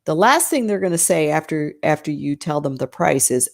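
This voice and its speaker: Low-voiced woman coaching business owners. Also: big pitch swings, normal speed, vocal fry. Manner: emphatic, conversational, frequent "right?".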